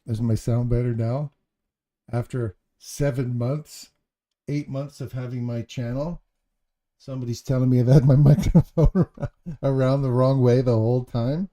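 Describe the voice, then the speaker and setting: A man's voice: mid-range voice, fairly even intonation, moderate pace, dark tone. Laid-back jokey male stream host. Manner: jokey, rambling, self-deprecating. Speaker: livestream host. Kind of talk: casual live-stream chat.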